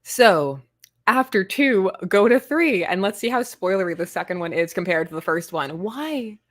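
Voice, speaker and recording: A woman's voice: mid-range voice, animated, normal speed, no echo, clean studio sound. A woman hosting a casual comics livestream, chatty and self-deprecating, laughing often. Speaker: comics show host.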